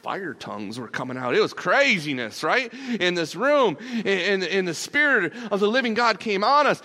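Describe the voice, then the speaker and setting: A man performing a burly, blunt apostle in a rambling, excitable first-person sermon monologue. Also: very high voice, exaggerated voice. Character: burly rough-talking apostle Peter, impulsive and blunt.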